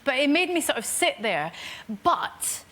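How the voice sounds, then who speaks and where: A woman's voice: high voice, big pitch swings, measured pace, a bit bright. A woman, chatting in a rambling, self-mocking way as a talk show guest. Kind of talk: casual chat.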